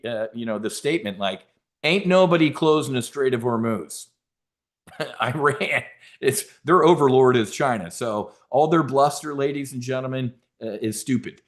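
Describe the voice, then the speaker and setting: A middle-aged man hosting a market briefing for trading members, brash and emphatic, with frequent fillers and restarts. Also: medium pitch.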